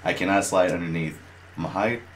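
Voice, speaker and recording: A man giving casual gameplay commentary, excitable and trash-talking, laughing often and yelling at opponents. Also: sits low, fast. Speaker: gamer streamer.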